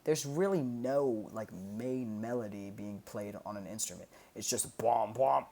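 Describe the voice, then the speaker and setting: Over loud music from his track, a man streams a casual breakdown of his own songs. He explains loosely, with lots of fillers and sung sound effects. His voice is lowish and a little slow.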